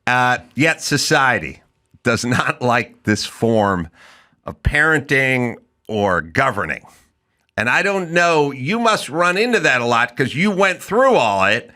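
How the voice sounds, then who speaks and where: A middle-aged man with a mid-range voice speaks slowly as he hosts a talk show and podcast. During casual interview chat, he tells lively stories and acts out quotes in mocking voices.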